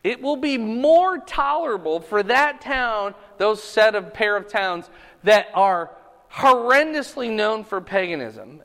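A man's voice: sits high, fairly bright tone, long reverb tail. A man teaching a Bible study in a conversational, sermon-like way, moving between casual asides and earnest, emphatic preaching.

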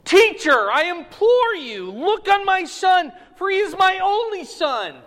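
A man's voice: very high-pitched, very animated, a little slow, fairly bright tone, pitched above the performer's own voice, heavily acted. A man voicing a desperate father begging for help for his only son, his voice raised and strained. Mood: desperate pleading. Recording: long reverb of a hall.

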